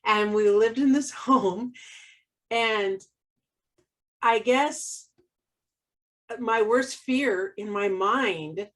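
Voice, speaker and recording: A woman's voice: medium pitch, extremely slow, pauses often, recorded from a distance. A woman co-hosting a casual chat, telling a personal story animatedly, laughing often and acting out what people said. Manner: animated, laughs often, acts out quoted voices. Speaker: co-host.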